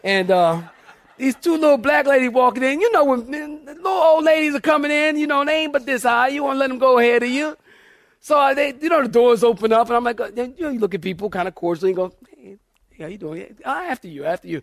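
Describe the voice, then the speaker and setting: A pastor preaches in a church, a man with a high voice who tells stories with a lot of life. He acts out the voices of the people in them. The sound is dry and close. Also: quick pace, no room sound. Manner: animated storyteller, acts out quoted voices. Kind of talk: sermon storytelling.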